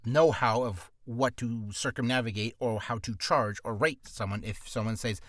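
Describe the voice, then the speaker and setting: A man's voice: medium pitch, moderate pace, no room sound, clean studio sound. A man in a casual vlog, rambling in a goofy way and often cutting himself off mid-sentence. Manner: goofy, rambling, self-interrupting. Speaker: voice actor vlogger. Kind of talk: casual screen-share vlog.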